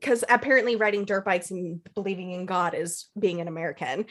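A woman's voice: on the low side, brisk, a bit bright. A young woman co-hosting a casual podcast, gossiping and recapping while mimicking the people she talks about. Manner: gossipy recapping, acts out voices. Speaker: podcast co-host. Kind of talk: casual chat.

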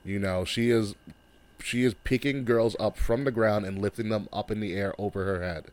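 A man co-hosting a casual chat, talking in a measured, analytical way. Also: lowish voice, fairly even intonation. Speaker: podcast co-host.

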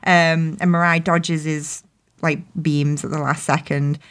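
A woman's voice: low voice, level tone, measured pace. A woman co-hosting a podcast, recapping a show in casual chat, giggling often, swearing freely and acting out the characters' lines. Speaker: podcast co-host recapping episodes.

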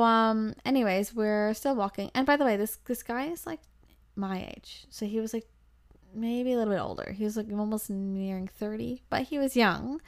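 A woman in her twenties who hosts a podcast, telling a travel story in a lively, breathless way and acting out the quotes. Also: fairly high pitch, gravelly. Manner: animated, breathless, acts out quotes. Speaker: podcast host. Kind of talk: casual storytelling.

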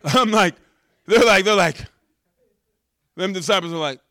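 A man's voice: high-pitched, unhurried, sharp tone, dry recording, studio quality. A man preaching a sermon, telling the story with humor and repeating words for emphasis.

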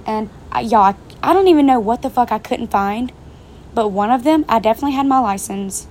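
A woman's voice: a little high, a little fast, darkish tone, slight background noise. A young woman telling a story to her viewers in a casual vlog, chatty and swearing freely. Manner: chatty, profane, speaking straight to viewers. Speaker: vlogger. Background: faint rain.

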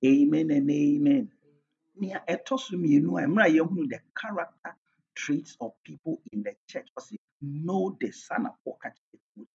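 In a slightly high, somewhat fast voice with lively intonation, vocal fry and a breathy edge, a pastor with a Ghanaian accent gives an emphatic sermon. He switches between English and Twi as his volume swells and drops. The audio is dull and lo-fi.

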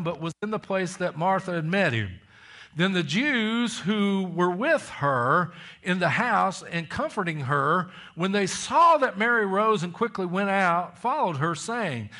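A man's voice: high voice, pushed and bright. A man preaching a sermon, reading scripture and pressing the point with emphatic questions and calls for amens.

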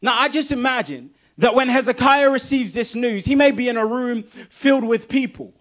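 A man's voice: very high-pitched, fairly bright tone. A man preaching a sermon in an emphatic, repetitive way that builds intensity.

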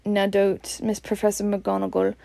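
A woman voicing an elderly male wizard, calm and wise, speaking quietly in a measured, gentle Scottish accent. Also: medium pitch, creaky, no echo.

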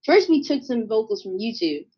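Animated young woman telling a story. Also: fairly high pitch, normal speed, husky. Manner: animated, acts out voices in her anecdotes. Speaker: guest artist. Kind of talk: casual storytelling interview. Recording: dull lo-fi sound.

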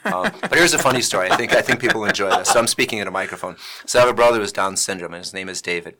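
Lively bright-voiced man telling stories. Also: racing. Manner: animated, acts out quotes with big pitch jumps. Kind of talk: casual storytelling.

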